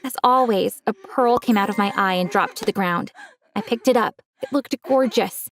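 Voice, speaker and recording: A woman's voice: mid-range voice, normal speed. A young woman narrating a dramatic first-person story in an earnest way.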